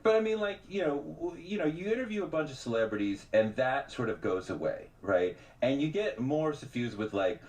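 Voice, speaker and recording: A middle-aged man telling stories as a guest on a radio show, animated and quick to act out the people he quotes. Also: medium pitch. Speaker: podcast host and journalist guest. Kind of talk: radio interview conversation.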